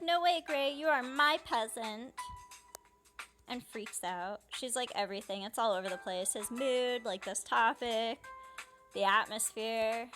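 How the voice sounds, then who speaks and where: A woman's voice: a little high, fairly bright tone. A woman casually translating game dialogue aloud as a let's play host, reading the punctuation out. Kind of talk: casual live translation commentary.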